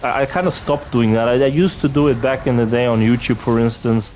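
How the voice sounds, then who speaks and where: A man's voice: mid-range voice, fairly even intonation, brisk, a little mellow, soft background music. A young man from Austria, ranting profanely and indignantly as he tells a storytime vlog. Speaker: vlogger. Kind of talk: angry storytime rant.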